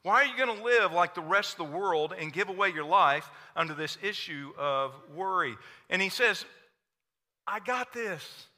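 A man with an Oklahoma accent preaching a sermon to a church congregation, energetic and playful, quizzing the crowd. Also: high-pitched, moderate pace. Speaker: pastor. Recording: long hall reverb.

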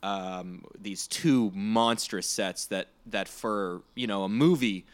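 A man's voice: lowish voice, slow pace. A man in casual podcast chat, talking earnestly with many fillers and repeated phrases.

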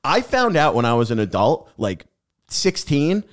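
A man's voice: fairly high pitch, measured pace. A man from the New York area in casual podcast chat, telling stories and acting out what people said. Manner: animated storyteller, acts out quotes.

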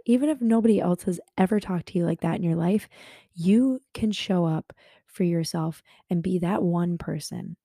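A woman's voice: fairly low pitch, moderate pace, creaky, mellow, dry recording, clean studio sound. A young adult woman hosting a podcast from her bed, a little hungover, talking earnestly about self-kindness with many fillers. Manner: earnest, rambling, lots of fillers. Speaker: podcast host. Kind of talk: casual self-help talk.

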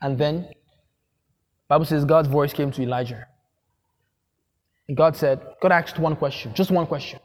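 Man, pastor, sermon, emphatic, repetitive, somewhat high voice. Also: moderate pace, long pauses, darkish tone. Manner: emphatic, repeats phrases, asks the congregation questions.

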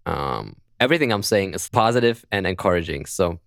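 Deep-voiced German-accented podcast host. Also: male voice, lively intonation, vocal fry, fairly bright tone, dry recording, studio quality. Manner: halting, repeats words, upbeat. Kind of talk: casual podcast chat.

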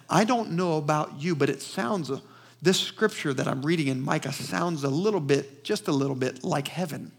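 A man with a Southern US accent preaching a sermon in a church, emphatic and fast-talking, calling out for responses from the congregation. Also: on the high side, gravelly. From Southern United States. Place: church sanctuary.

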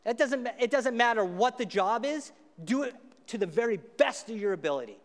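A man pastor preaching a sermon, casual and animated as he retells a story. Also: very high voice, normal speed. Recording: echoey hall reverb.

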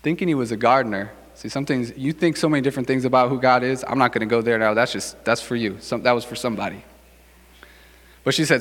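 Male pastor, relaxed joking sermon delivery, forceful tone, long hall reverb. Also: medium pitch, fast. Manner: casual, joking, conversational preaching.

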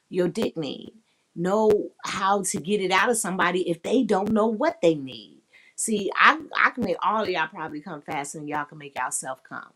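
A woman's voice: on the low side, fairly bright tone. A woman hosting a sex-talk podcast, speaking frankly and profanely and laughing often. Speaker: podcast host.

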